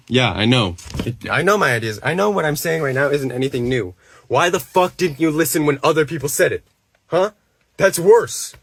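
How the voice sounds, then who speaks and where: Young male streamer, furious sweary rant, high and husky. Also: expressive, normal speed, a bit bright, no room sound. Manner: furious, heavy swearing, many restarts. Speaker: live streamer. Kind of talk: angry live-stream rant.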